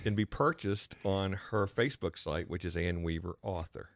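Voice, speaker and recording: A man's voice: deep voice, normal speed, vocal fry. An older man, the host's father, chatting casually on a family show, joking, laughing often and trailing off mid-sentence.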